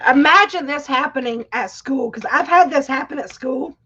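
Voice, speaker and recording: High-voiced chatty woman. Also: moderate pace, fairly bright tone, dull audio. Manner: chatty, talks straight to viewers. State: coughing, irritated throat. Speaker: livestream host; schoolteacher. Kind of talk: casual live chat.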